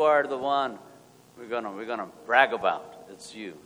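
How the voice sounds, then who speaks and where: A male pastor leading an earnest spoken prayer, moving between hushed and loud passages. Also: medium pitch, moderate pace. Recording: long hall reverb, soft music.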